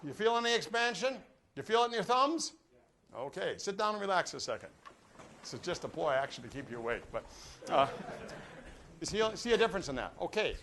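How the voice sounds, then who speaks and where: His voice sits high and swings widely in pitch, brisk and a little bright, with some slight background noise. The speaker is an older man teaching brass, leading a master class through breathing exercises with jokes and pointed coaching in a classroom or rehearsal room in front of a live audience.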